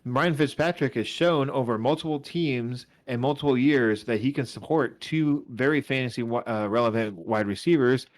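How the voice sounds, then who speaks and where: A man's voice: medium pitch, moderate pace, hardly any pauses. A tired man co-hosting a casual sports podcast, rambling and restarting as he argues his picks. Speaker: podcast co-host. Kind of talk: casual fantasy football chat.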